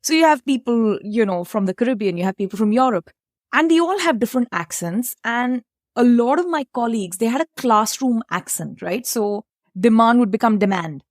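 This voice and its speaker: A woman from India with an Indian English accent, talking through her questions in a thoughtful, measured way. Her voice sits fairly high, and the sound is dry and close to the mic. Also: lively intonation, dry recording. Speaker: host, economics professor. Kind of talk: interview conversation.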